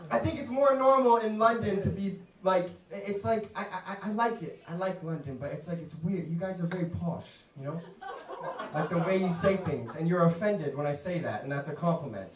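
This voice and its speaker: A man's voice: sits high, expressive, fairly quick. A man from Canada doing a live stand-up set, self-deprecating and chatting with the crowd. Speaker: stand-up comedian. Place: comedy pub stage in London. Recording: roomy club sound from far off, audience around. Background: audience laughing.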